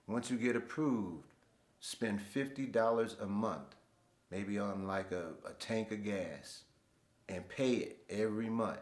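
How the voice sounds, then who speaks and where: A man's voice: fairly low pitch, slow, echoey room. A man hosting his own show, telling stories in a laid-back, slangy way. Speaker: host. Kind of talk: casual storytelling monologue.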